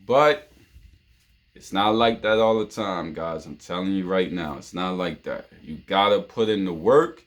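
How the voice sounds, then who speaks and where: Giving relationship advice on the show he hosts, a man from New York talks informally, leaning on repeated phrases and frequent uses of "you know what I'm saying." He has a lowish voice.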